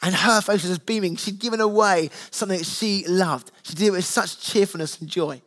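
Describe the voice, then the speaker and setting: A man's voice: high voice, fairly quick, fairly bright tone. A man preaching a conversational sermon to his church, earnest and plain-spoken, with stories from his family table. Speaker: pastor.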